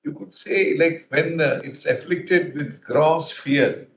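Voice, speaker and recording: A man's voice: a little high, takes it slowly, a bit bright, a little hiss or hum. A man, a judge questioning counsel from the bench, probing and thinking aloud with many fillers. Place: large courtroom. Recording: roomy courtroom echo.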